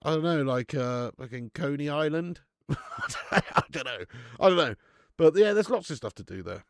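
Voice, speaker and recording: A man hosting a live football watch-along, chatting in a sweary, jokey way and breaking into excited commentary. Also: fairly high pitch, normal speed, no room sound, studio quality. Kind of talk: live match commentary and chat.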